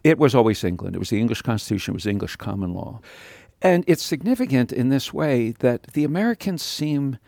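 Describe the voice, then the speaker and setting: A man's voice: medium pitch, lively intonation, fairly quick, vocal fry, darkish tone, dry recording, clean studio sound. A man who is a political science professor, a guest on an interview show, explaining ideas in a conversational lecturing way. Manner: conversational lecturing, with tag questions. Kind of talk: academic interview.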